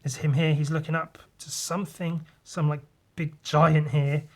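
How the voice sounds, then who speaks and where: A man's voice: a little high, level tone, moderate pace, a little mellow. Rambling man talking through his comics. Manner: loose and rambling, swears, mimics sound effects. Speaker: podcast host. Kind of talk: casual chat walking through comic pages.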